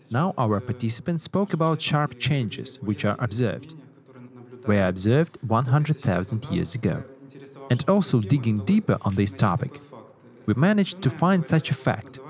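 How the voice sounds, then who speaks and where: Measured male discussion moderator. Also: medium pitch. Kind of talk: panel discussion.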